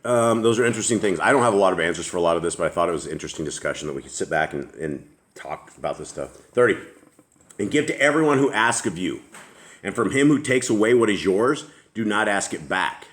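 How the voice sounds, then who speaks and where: A man's voice: low voice, lively intonation, fairly bright tone. A man hosting a casual scripture discussion, reading verses aloud in an easygoing way. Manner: easygoing, reads verses slowly, chuckles. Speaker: host of a scripture study discussion.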